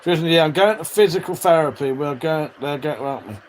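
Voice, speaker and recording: Male streamer, fairly high voice, loose and sweary, faint hiss behind. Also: fast talker, low-quality recording. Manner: chatty, swears freely, laughs often. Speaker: livestream host reading chat. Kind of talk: casual live-stream chat.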